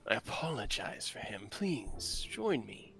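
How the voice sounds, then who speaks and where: A man voicing a calm, commanding stranger who speaks quietly and slowly in a tabletop game. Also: lowish voice, faint music behind, exaggerated voice. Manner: quiet, slow, hushed.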